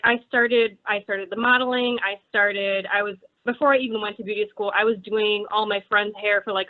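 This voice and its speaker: Chatty Midwestern woman on a tinny line. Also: medium pitch. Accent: Upper Midwest American. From Wisconsin, US Midwest. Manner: chatty, many fillers like "um" and "you know". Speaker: guest. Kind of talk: casual interview chat.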